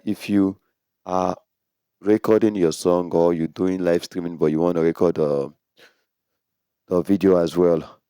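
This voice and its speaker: A man's voice: low voice, smooth, no echo, clean studio sound. A man hosting a casual how-to video, explaining equipment step by step and speaking into a condenser microphone. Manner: relaxed, explains step by step with many "so"s. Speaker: tech tutorial host. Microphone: condenser microphone through a sound card.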